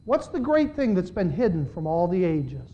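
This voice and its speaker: A male pastor preaching a sermon. He speaks conversationally, questions the congregation directly, and swings between quiet and loud. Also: sits high, big pitch swings, normal speed, muffled recording. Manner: dramatic, with big swings in loudness.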